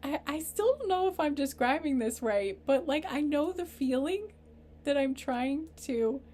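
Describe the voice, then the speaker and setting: A woman giving a casual tarot reading, rambling and halting, earnest and openly emotional. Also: sits high, animated, a little mellow. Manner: rambling, halting, full of fillers and restarts. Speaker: tarot reader. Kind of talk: casual spiritual reading to camera.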